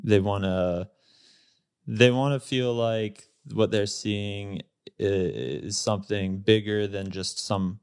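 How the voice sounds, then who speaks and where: Guy in his 30s, smooth low voice, laid back, lots of likes and uhs, laughs a lot. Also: slow, no room sound, studio quality. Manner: relaxed storyteller, laughs often, many fillers. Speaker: interview guest, musician. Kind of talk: casual interview chat.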